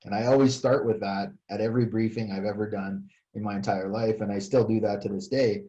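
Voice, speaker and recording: A man's voice: on the low side, fairly even intonation, fairly quick, dark tone. An older man, a retired fire chief recounting events in a casual interview, hesitant with many fillers and restarts. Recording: dull lo-fi sound.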